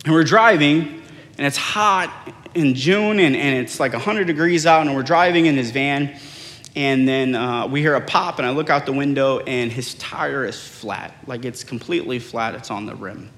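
A middle-aged male pastor preaching a sermon, telling personal stories with animated acted-out dialogue. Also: mid-range voice, normal speed. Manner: animated storyteller, acts out quoted dialogue. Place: large church hall. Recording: long hall reverb.

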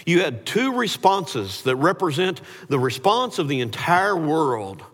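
A man preaching a sermon, animated, his voice rising sharply when he voices quoted words. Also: a little high, unhurried, hardly any pauses. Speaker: pastor. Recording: hall reverb.

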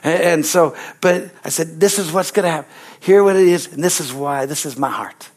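A man's voice: a little high, brisk. A middle-aged male pastor preaching a sermon emphatically, calling out for amens from the congregation.

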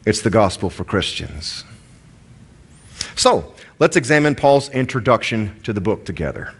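A male pastor with a Southern American accent delivers a sermon, his pitch rising and falling in a lively way. He talks casually, drops in everyday stories, and stresses his key points. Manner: animated, conversational preaching with asides.

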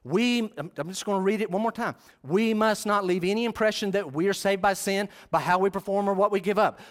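A man preaching a sermon as pastor, passionate and emphatic. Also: sits high.

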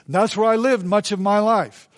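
A man's voice: high-pitched, fairly even intonation, moderate pace. A man preaching a sermon in a church as pastor, folksy and conversational, acting out the people he quotes.

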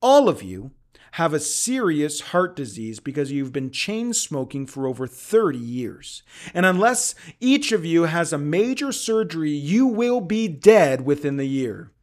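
A man voicing a doctor who calmly delivers bad news to his patients. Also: a little high, measured pace. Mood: grave. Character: calm blunt male doctor.

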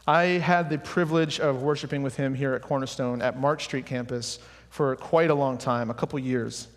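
A young adult man giving an earnest, personal sermon in a church, now and then restarting his words. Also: medium pitch. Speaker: preacher. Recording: hall reverb.

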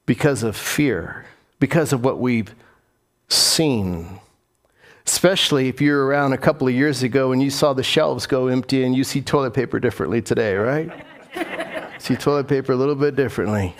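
A man's voice: medium pitch, moderate pace. A man preaching a sermon as pastor, repeating key phrases for emphasis and putting questions to his congregation.

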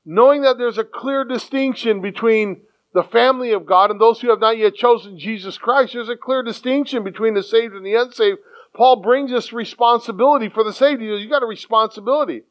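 A man preaching a sermon in an animated way, acting out quoted voices and often repeating his words. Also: very high voice, fairly quick. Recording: dull lo-fi sound.

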